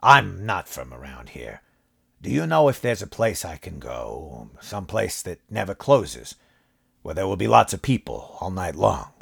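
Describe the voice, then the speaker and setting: A man's voice: sits low, sing-song, a little slow, vocal fry, a bit bright, slightly rough, full character voice. A man doing a jittery, frightened man. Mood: nervous. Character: nervous, frightened man trying to sound friendly.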